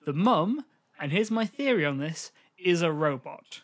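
A man's voice: on the high side, animated. A young man, co-hosting a casual, joking movie review chat. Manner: joking, playful, quick asides. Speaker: podcast co-host.

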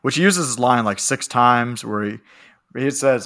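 A man's voice: mid-range voice, lively intonation, fairly quick, fairly bright tone. A man co-hosting a casual movie-review chat, profane and rambling, with lots of fillers and frequent laughs. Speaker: podcast co-host.

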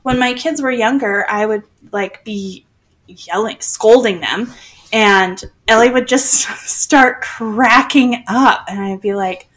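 A woman in her forties chats casually from her bedroom floor into a desk microphone, laughing often and poking fun at herself. Her fairly high voice is a bit bright and slow, on a rough recording.

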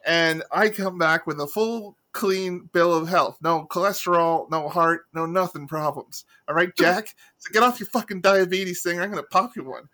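Podcast co-host: man with a somewhat high voice, blunt, swearing, mock-angry rants. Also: normal speed, hardly any pauses, pushed and bright. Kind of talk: casual chat.

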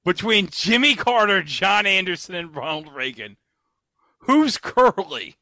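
A man co-hosting a podcast in casual chat, joking and trailing off quietly. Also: high-pitched, very animated, unhurried, gravelly, no echo, studio quality. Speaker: podcast co-host.

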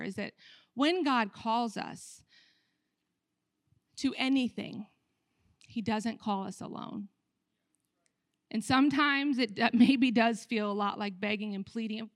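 High-voiced woman preaching a sermon. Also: a little slow, dry recording, studio quality. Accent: American. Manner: animated, acts out dialogue with her voice; conversational, asks the room questions. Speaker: pastor.

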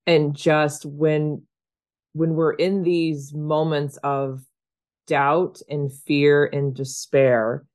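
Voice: medium pitch, level tone, drawn-out words, a little mellow. A podcast host wrapping up an interview with a heartfelt, prayerful sign-off.

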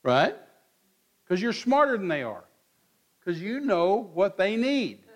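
Man, sixties, preacher, folksy and blunt, high voice. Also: sing-song, slow pace. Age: 60s. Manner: folksy, blunt, acts out both sides of quoted dialogue. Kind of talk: sermon. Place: church.

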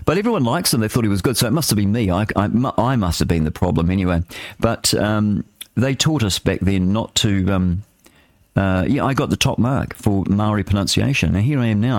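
Rambling older New radio host. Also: male voice, fairly low pitch, creaky, dry recording. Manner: rambling, opinionated, with frequent restarts and fillers. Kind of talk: casual talk radio monologue.

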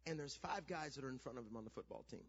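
A middle-aged pastor telling a family story in a sermon, building from quiet storytelling to shouted preaching. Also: male voice, medium pitch, expressive, racing, slightly rough. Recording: dull lo-fi sound.

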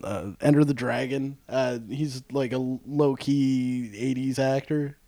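A man's voice: mid-range voice, steady tone, a little slow, mellow. A man co-hosting a casual comedy podcast who rambles loosely and swears casually. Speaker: podcast co-host.

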